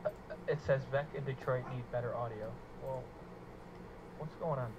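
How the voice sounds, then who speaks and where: A mid-pitched man chatting casually as a co-host of a live stream, joking and laughing as he reads out comments. His voice comes through with a clear layer of noise behind it. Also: normal speed. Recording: noisy live stream audio.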